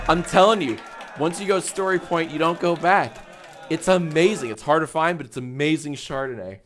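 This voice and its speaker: A man's voice: fairly high pitch, lively intonation, moderate pace, a bit bright, faint music behind. Rambling, profane male streamer. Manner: rambling and profane, reads chat aloud. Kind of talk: casual live-stream chat.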